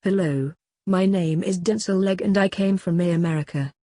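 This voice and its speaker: A woman voicing a timid teenage male new student who stutters, in an amateur audiobook reading with a low, husky voice. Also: moderate pace, dark tone, no room sound, clean studio sound, natural voice. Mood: nervous.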